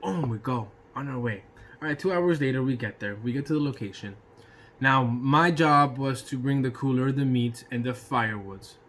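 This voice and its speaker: A man telling a casual personal anecdote in an animated way, swearing freely and throwing in sound effects. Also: mid-range voice, normal speed. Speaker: storyteller.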